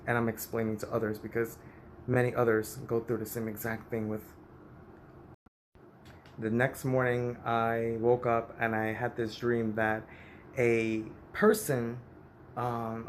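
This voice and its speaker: A man's voice: mid-range voice, slight background noise. A man candidly recounting a painful family story in an emotional, personal vlog. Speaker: vlogger.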